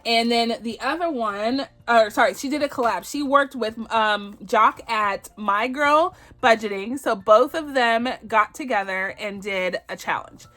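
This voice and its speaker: A woman's voice: fairly high pitch, measured pace, few pauses, fairly bright tone. A Bajan woman hosting a budgeting vlog, chatting casually and giggling as she plays a savings game. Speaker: budgeting channel host.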